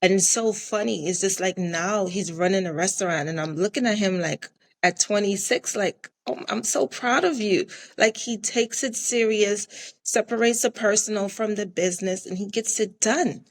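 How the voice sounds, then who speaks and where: A woman's voice: medium pitch, moderate pace. A middle-aged woman from the Caribbean, a restaurant owner talking in a casual interview, earnest and repeating herself for emphasis.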